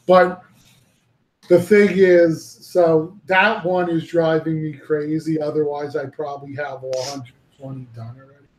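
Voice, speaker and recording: A man hosts a loose panel chat in a slightly high voice, rambling and cursing freely. His voice bounces around an echoey room. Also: level tone, unhurried. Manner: rambling and profane, laughing easily. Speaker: podcast host.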